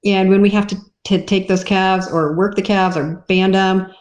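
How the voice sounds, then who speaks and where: A woman's voice: medium pitch, steady tone, normal speed, a little mellow. A woman who runs a farm, a podcast guest, talking casually about her cattle with many restarts. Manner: chatty, with many restarts and "you know". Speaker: guest farmer. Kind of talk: casual conversation. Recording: roomy echo.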